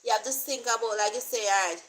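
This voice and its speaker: A woman's voice: a little high, quick pace, a bit bright, a little hiss or hum, poor audio. A Jamaican woman vlogger chatting casually to camera, rambling and repeating herself as she thinks aloud.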